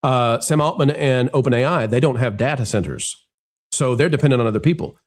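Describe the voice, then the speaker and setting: Guy hosting a news talk show, mid-pitch voice, wry and emphatic. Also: brisk. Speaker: show host. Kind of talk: animated news commentary chat.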